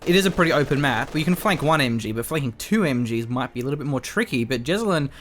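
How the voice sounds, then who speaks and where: A man casting a strategy video game match, reacting with quick excitement and jokes. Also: mid-range voice. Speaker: esports caster. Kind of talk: game commentary.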